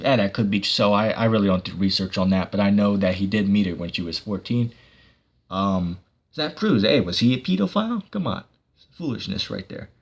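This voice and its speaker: Man, low voice, slightly husky, casual rambling livestream host, lots of fillers. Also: muffled recording. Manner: rambling, filler-heavy, many restarts. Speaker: channel host reading viewer comments. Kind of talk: casual livestream talk on scripture.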